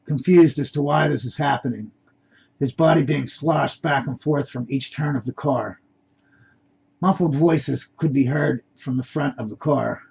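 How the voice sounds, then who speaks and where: A man reads his own draft story aloud, unpolished and correcting his slips. His voice is gravelly and husky. The recording sounds dull and lo-fi. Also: medium pitch, darkish tone. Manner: unpolished reading with self-corrections. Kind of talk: amateur story reading.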